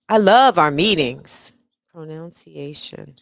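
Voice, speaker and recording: A woman's voice: low voice, animated, unhurried, fairly bright tone, no echo. A woman hosting a casual video call, chatty, restarting her sentences and laughing easily. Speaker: host.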